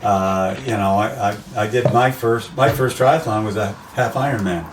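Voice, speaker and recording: A man's voice: lowish voice, moderate pace, far from the mic. Older American man telling stories. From USA. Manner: animated anecdotes, acts out quoted voices. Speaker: race announcer, guest. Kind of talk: casual interview storytelling. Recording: roomy, off-mic, faint background noise.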